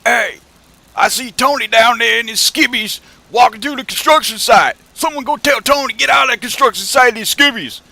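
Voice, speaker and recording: A man imitating his toothless old southern boss, who mumbles and yells angrily over a radio. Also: extremely high pitch, fairly quick, creaky, dry recording, pitched above the performer's own voice, full character voice. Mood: angry shouting. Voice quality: mumbling, hard to understand.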